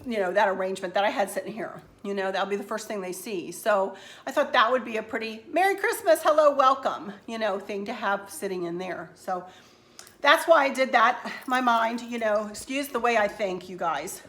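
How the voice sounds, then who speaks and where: A woman's voice: medium pitch, moderate pace, fairly bright tone. A middle-aged woman, talking casually and rambling to her viewers at home. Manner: chatty, rambling, addresses viewers as y'all. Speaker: vlogger. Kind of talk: casual chat.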